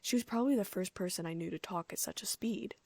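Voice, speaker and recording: A woman reading a first-person fan fiction audiobook in a soft, often near-whispered voice. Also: mid-range voice, quick pace, dry recording. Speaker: audiobook narrator.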